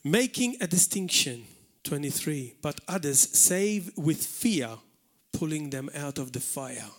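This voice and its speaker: A man from Malta with a Maltese accent, preaching an animated sermon in a church hall. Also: fairly high pitch, unhurried. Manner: animated preaching, shouting out acted warnings.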